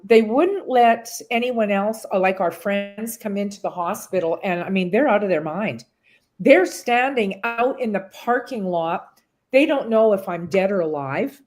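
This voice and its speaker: Slow-talking middle-aged woman telling her story. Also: mid-range voice, a little mellow. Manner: rambling, full of restarts, emotional retelling. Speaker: guest. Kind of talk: personal story in an interview.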